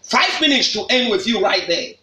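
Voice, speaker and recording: Man preaching, super high bright voice, slow and shouty, echoey room. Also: lively intonation. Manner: shouting, emphatic repetition. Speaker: apostle leading a prayer meeting. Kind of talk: fiery preaching.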